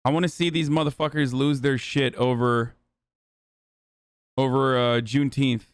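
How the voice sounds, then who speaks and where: A man's voice: medium pitch, little pitch movement, normal speed, clear, resonant tone, dry recording, clean studio sound. A man hosting a political stream, reading headlines aloud with sarcastic, profane reactions. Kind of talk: live stream commentary.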